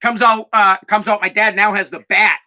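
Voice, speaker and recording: A man's voice: high voice, flat delivery, normal speed, pushed and bright. A young man hosting a podcast, telling stories in a brash, profane, emphatic way. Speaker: podcast host. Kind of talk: casual storytelling chat.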